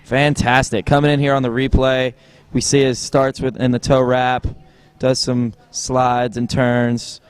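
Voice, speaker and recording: A man's voice: medium pitch, unhurried, clean tone, no room sound. A man giving joking live commentary on a water ski tournament, with a wry, teasing delivery. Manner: wry, teasing, deadpan jokes.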